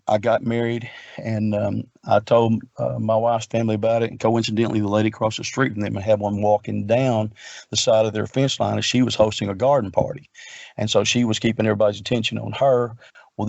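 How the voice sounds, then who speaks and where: Guy in his middle years, low-ish voice, earnest rambling story, dry dull lo-fi sound. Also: gravelly, a little mellow, dry recording. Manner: earnest, rambling, repeats words. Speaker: guest researcher. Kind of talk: casual storytelling.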